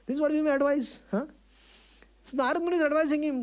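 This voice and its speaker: A male preacher telling a scripture story in an animated way, asking the audience rhetorical questions. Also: very high voice, fast talker, pauses often.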